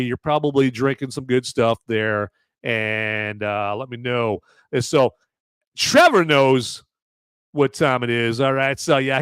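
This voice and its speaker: A man's voice: on the high side, fairly bright tone, clean tone, no room sound. A man hosting a live podcast movie review, ranting profanely and repeating himself as he goes. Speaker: podcast host.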